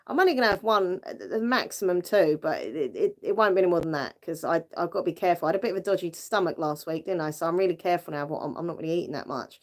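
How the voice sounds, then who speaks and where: A woman's voice: lowish voice, animated, rapid-fire, hardly any pauses. A British woman hosting a casual livestream, chatting with viewers in a giggly way and using lots of fillers. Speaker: livestream host. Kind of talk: casual live chat with viewers.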